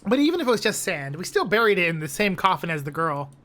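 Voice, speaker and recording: A woman's voice: on the low side, big pitch swings, fast, fairly bright tone. A woman casually chatting and narrating a visual novel with friends on a stream, joking and laughing often. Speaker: stream co-reader.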